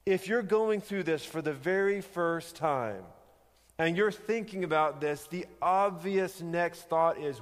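A man preaching a sermon, teaching conversationally with emphatic rhetorical questions. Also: fairly high pitch. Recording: long hall reverb.

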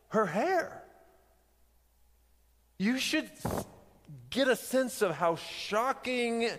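A man's voice: sits high, a bit bright. A man preaching a sermon, teaching conversationally with emphatic rhetorical questions. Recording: long hall reverb.

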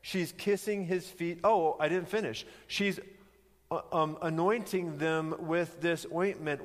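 Slow, emphatic male preacher in reverberant hall. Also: on the high side, steady tone. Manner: conversational teaching, rhetorical questions, emphatic. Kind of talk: sermon.

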